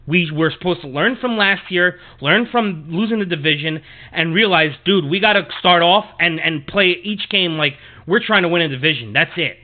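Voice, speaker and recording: A man's voice: sits high, moderate pace, few pauses. A man hosting a sports podcast, swearing often and ranting heatedly in a monologue. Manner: profane, heated, repetitive ranting. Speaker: podcast host. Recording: tinny phone-like audio.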